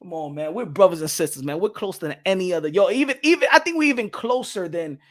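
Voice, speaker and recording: A man talks straight to his viewers in a loose, animated vlog rant. He hammers his points by repeating phrases and breaks into laughter between them. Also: high voice, fast. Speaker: boxing channel host. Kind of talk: casual vlog commentary.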